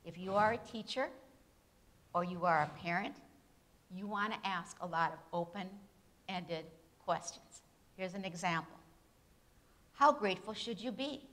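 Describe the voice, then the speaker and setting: A woman's voice: lowish voice, fairly even intonation, measured pace, pauses often, fairly bright tone. Woman teaching grammar, quizzing her class. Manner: asks questions and answers them herself, with tag questions; reads example sentences with shifting emphasis. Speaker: Bible institute grammar teacher. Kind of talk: classroom lecture with questions to students.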